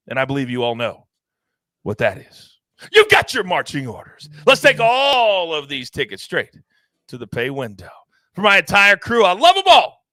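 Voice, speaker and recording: Pumped middle-aged guy hosting a betting show, bright punchy voice, dry close sound. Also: dry recording. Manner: hyped, emphatic, playful with big pitch jumps. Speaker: sports betting show host. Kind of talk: energetic sports betting recap.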